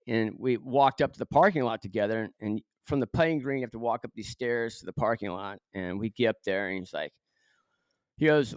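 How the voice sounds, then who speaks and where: This middle-aged Southern Californian man has a mid-range voice with a Southern Californian accent and talks a little fast. The recording is clean and studio quality with no room sound. As a podcast guest in a casual interview, he tells a self-deprecating story packed with fillers.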